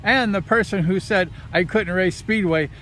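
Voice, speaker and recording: A man telling old speedway racing stories in a casual, rambling, excited way, slipping into quoted voices. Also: high-pitched, normal speed. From Southern California. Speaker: vlogger recounting racing days. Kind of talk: casual storytelling.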